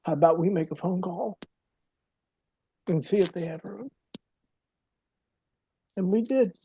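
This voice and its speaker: A middle-aged man, a guest on a podcast, telling personal stories in an earnest, emotional way, sometimes dropping to a hush. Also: high-pitched, measured pace, vocal fry, slight background noise. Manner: earnest, emotional storyteller, drops to a hushed voice at moments. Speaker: podcast guest, mental health speaker. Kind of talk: personal storytelling in an interview.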